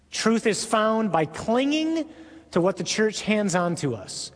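A man preaching a sermon in an earnest, emphatic way, stressing words slowly. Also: sits high, big pitch swings, big-room sound.

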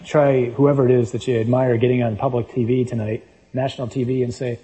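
A man's voice: medium pitch, level tone, brisk, mellow, rough recording. A man preaching a sermon, reading scripture aloud and making his points with emphatic, punchy delivery.

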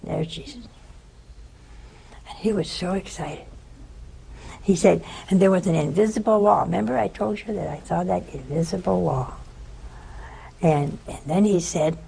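An older woman, a religious teacher, gives an informal spiritual talk, telling a story and becoming animated as she acts out the quoted speech of its characters. Her lowish voice is gravelly and husky, moving at normal speed. The recording is rough.

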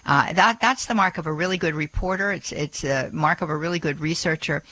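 A woman's voice: deep voice, fairly quick, bright, forceful tone, dry recording, poor audio. A woman hosting a radio talk show from a studio, chatty and full of fillers and restarts.

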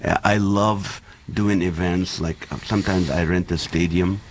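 A middle-aged man whose first language is Arabic, a comedian guest telling animated stories and laughing often in casual interview chat. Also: deep voice, a little slow, slight background noise. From Middle East.

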